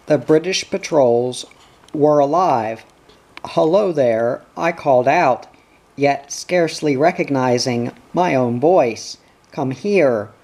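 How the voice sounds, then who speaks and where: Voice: medium pitch, a little mellow. An audiobook reader narrating a first-person spy story, voicing the characters too.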